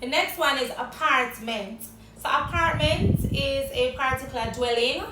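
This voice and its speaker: A high-pitched Jamaican woman teaches vocabulary, spelling words out and putting questions to a guest. She sounds a little off the mic in an echoey room, with faint background noise. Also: measured pace, far from the mic. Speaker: English teacher. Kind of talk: vocabulary lesson.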